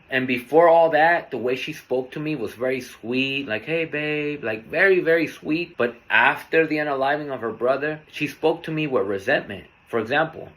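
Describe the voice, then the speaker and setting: A man's voice: medium pitch, a bit bright. Earnest storytelling man. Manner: candid, earnest, unhurried. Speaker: podcast host. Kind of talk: personal storytelling.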